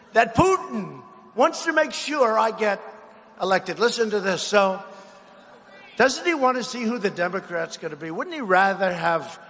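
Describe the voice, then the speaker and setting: Man at a rally, high bright voice, mocking, repeats himself, long arena reverb. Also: slight background noise. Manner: mocking, repetitive, shouts lines to the crowd. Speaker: political speaker at a rally. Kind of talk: rally speech. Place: large arena.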